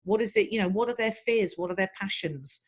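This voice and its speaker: A middle-aged woman, a guest in an interview, giving practical marketing advice in an even, steady way. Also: medium pitch, fairly quick. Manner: practical, advising, even-paced. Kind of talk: interview answers.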